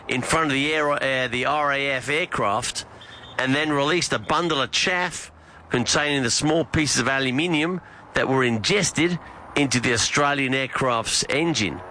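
Male news host, reads formally then explains simply, bright voice. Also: a little high, a little hiss or hum. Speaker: host of a mock news segment. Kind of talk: news-style reading for learners.

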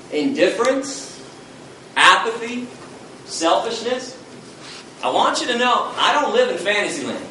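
A man's voice: sits high, bright, forceful tone, slight background noise. A man from the United States giving a passionate public lecture, blunt, fiery and confrontational, heard from far off in an echoey hall.

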